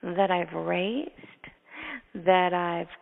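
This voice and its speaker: A woman host telling a story from her work in a lively, animated way, now and then laughing and acting out her own thoughts. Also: on the low side, extremely slow, creaky. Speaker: neurotherapist and podcast host. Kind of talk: storytelling in casual chat. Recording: tinny phone-line sound with long reverb.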